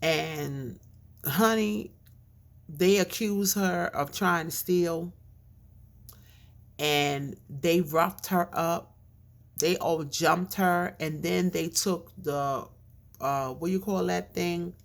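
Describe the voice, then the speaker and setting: A woman with a low, dark voice tells a personal story to her camera. She talks casually, full of fillers and side comments. Her words come out slightly mushy from a chain in her mouth. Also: slow, vocal fry, pauses often. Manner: chatty, with fillers and asides. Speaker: vlogger.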